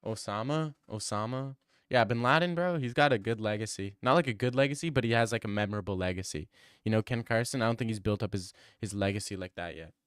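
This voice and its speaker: Young man, streamer, low voice, dry close sound, slangy, mocking chat. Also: fast talker, clear, resonant tone, dry recording. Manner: mocking, slangy, laughs often. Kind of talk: casual livestream chat.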